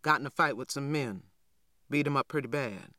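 A man voicing a big, deep-voiced Southern laborer in a storybook reading, speaking slowly, bluntly and quietly. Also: dry recording, clean studio sound, close to an everyday voice. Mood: grave.

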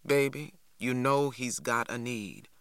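A man voicing a stern, weary farmer father who speaks low, quiet and clipped. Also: expressive, slow pace, clean tone, no echo, clean studio sound. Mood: grim.

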